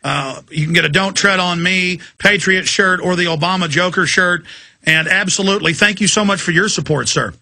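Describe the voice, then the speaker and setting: Talk radio host, male, gravelly and intense, high bright voice, dry studio sound. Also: moderate pace, no echo. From Texas. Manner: gravelly, emphatic, ranting. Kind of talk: fiery talk radio monologue. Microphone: studio mic.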